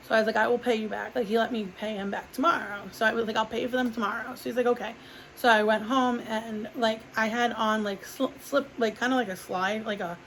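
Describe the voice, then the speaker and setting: A woman's voice: a little high, vocal fry, slight background noise, poor audio. A woman vlogger telling a long personal story in a casual, rambling way, filling her talk with "like" and acting out what others said. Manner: rambling, heavy use of "like", acts out quoted dialogue. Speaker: vlogger reviewing a product.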